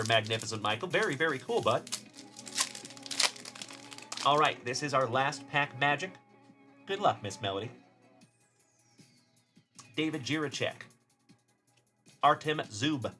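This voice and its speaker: A man from Texas hosting a live card-opening stream, chatting casually and cheerfully calling out viewers by name. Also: mid-range voice. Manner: upbeat, shouting out chat viewers by name. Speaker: card-breaking livestream host.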